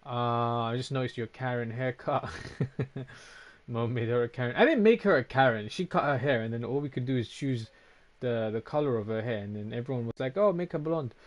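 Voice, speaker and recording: A man's voice: medium pitch, moderate pace. Casual swearing male game streamer. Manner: casual, swears often, reacts to chat. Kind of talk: casual chat reading stream comments.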